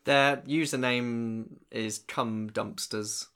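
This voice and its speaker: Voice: medium pitch, fairly even intonation, very slow, a bit bright. A co-host in a casual film review chat, adding dry, sarcastic asides.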